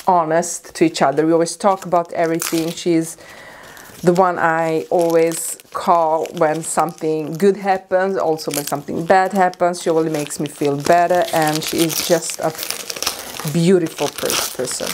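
A woman beauty vlogger unboxing gifts in a casual, excitable and emotional way. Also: low voice, moderate pace, noisy background. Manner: excitable and emotional, squealing with delight.

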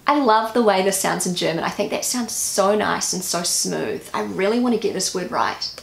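A woman's voice: medium pitch, expressive, moderate pace, gravelly, echoey room. A woman from New Zealand with a New Zealand English accent, vlogging casually and musing self-critically as she practises pronunciation.

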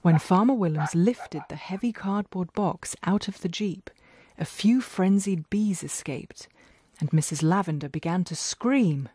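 A woman gently narrating a children's bedtime story in a slow, expressive way. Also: fairly low pitch, breathy edge.

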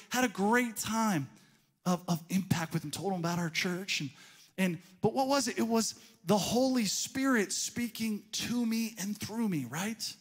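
A man with a high-pitched voice delivers a sermon in a church. He tells a personal story in an easy, conversational way. His delivery swells to emphatic peaks and sinks into quiet asides. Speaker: pastor. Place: church sanctuary.

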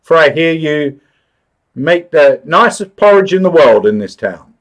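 A man's voice: a little high, very animated, measured pace, pitched above the performer's own voice. A man voicing a naive, polite man who has come down from the moon, in a storybook reading, raising his voice for the part. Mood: earnest. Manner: polite, earnest, easily startled.

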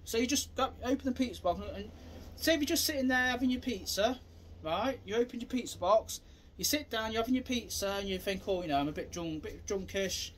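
A man giving a rambling, repetitive self-defence demonstration, acting out scenes and bursting into shouted sound effects. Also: extremely high pitch, fairly quick, a little hiss or hum. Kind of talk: casual demonstration talk.

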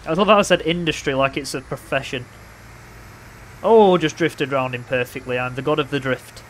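A young man casually commentating his own racing game, playful and excitable, with loud bursts of trash talk. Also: mid-range voice, normal speed, a little hiss or hum. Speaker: gaming commentator.

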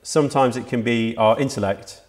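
A man's voice: medium pitch, moderate pace. A man preaching a sermon for a church livestream, earnest and reflective, often restarting his sentences. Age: adult, past university age.

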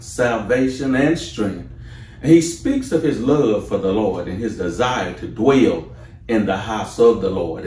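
A man preaching a sermon as pastor, slow and deliberate with rising emphasis. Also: lowish voice, darkish tone, echoey room, distant mic, a little hiss or hum.

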